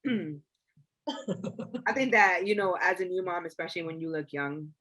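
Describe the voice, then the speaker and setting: A woman's voice: low voice, fairly bright tone, low-quality recording. A woman co-hosting a podcast, chatting casually, blunt and reflective. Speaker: podcast co-host. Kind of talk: casual chat.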